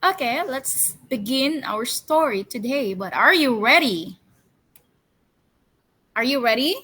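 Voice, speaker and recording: A woman teacher runs a storytelling lesson for young children, her voice sitting a little high and ringing bright. She speaks very slowly, with cheerful coaxing questions, and has the class repeat each word after her. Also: expressive, husky, poor audio. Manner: drills words with slow call-and-response repetition. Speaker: English teacher.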